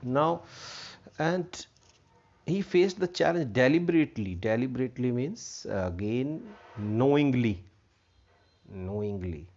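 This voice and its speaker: A man's voice: medium pitch, animated, unhurried, pauses often, a little mellow. A man teaching an English textbook lesson, repeating himself and defining words with many fillers. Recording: dull lo-fi recording.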